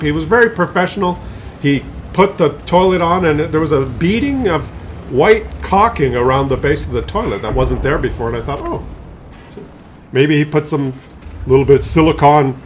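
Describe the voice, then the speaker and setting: A man telling a rambling, exasperated story to camera at home, acting out what others said with sudden jumps in his voice. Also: slight background noise. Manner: rambling, exasperated, acts out quotes with pitch jumps. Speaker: video host telling a story.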